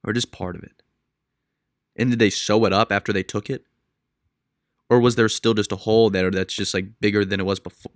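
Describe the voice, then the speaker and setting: A young man hosting a podcast, rambling incredulously and jumping between loud outbursts and mumbled asides. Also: fairly low pitch, flat delivery, a little fast, long pauses, dry recording, clean studio sound. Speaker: podcast host. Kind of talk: casual solo podcast rant.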